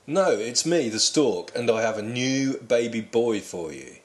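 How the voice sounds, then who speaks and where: A man voices an officious delivery stork in a comedy sketch. The voice stays mid-pitched and patient, with the manner of a courier asking for a signature. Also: lively intonation, measured pace, lightly acted.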